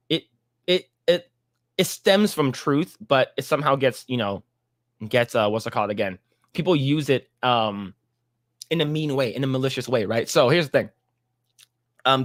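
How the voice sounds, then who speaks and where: A man's voice: mid-range voice, a bit bright, dry recording, clean studio sound. A man hosting a casual livestream chat, rambling and laughing often. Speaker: podcast host.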